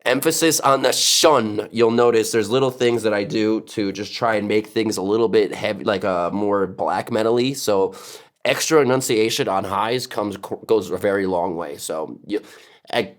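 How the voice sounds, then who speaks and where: A man's voice: on the low side, moderate pace. A man casually explaining his vocal techniques, breaking off to demonstrate growls, gutturals and shrieking screams.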